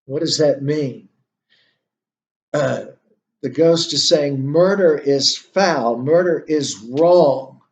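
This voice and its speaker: A man's voice: fairly high pitch, takes it slowly. A male instructor giving a literature lecture, thinking aloud with many fillers and rhetorical questions.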